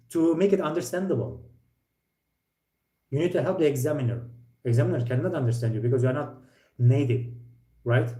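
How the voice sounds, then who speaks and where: In an echoey classroom, a male IELTS speaking teacher with a higher but mellow voice gives live feedback to a student. He corrects directly, pausing often and tossing in playful asides.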